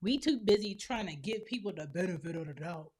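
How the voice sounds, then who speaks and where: A woman's voice: lowish voice, animated, a little fast, a little mellow, slightly rough. Blunt woman podcaster airing opinions. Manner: blunt and opinionated, acting out other people's lines. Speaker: podcast host and mother. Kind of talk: solo opinion monologue.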